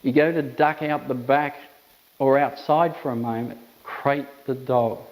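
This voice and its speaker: A man's voice: mid-range voice, fairly even intonation, a little slow, darkish tone, low-quality recording. A man, an emphatic dog trainer explaining methods with repetitive phrasing. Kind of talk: instructional talk to camera.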